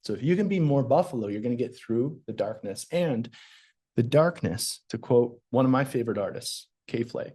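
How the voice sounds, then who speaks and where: A man guesting on a podcast as a performance coach, talking in an energetic, emphatic, motivational way. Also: mid-range voice, normal speed, breathy edge. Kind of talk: casual conversational interview.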